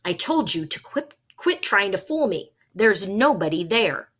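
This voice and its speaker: A woman's voice: mid-range voice, very animated, unhurried, a bit bright, husky, pitched above the performer's own voice, full character voice. A woman voicing a cold, threatening adult man holding someone at gunpoint, stretching out his words. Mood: angry. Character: menacing adult male gunman.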